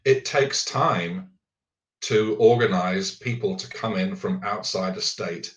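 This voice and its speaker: A man's voice: low-pitched, takes it slowly. Hesitant man in echoey room. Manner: hesitant, restarts and fills often. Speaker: show host. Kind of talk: casual chat. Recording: echoey muffled audio from a distant mic.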